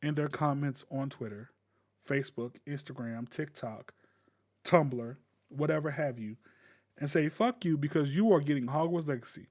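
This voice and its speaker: A man ranting casually to camera as a gaming YouTuber, blunt and profane, with sudden loud bursts. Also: medium pitch, moderate pace.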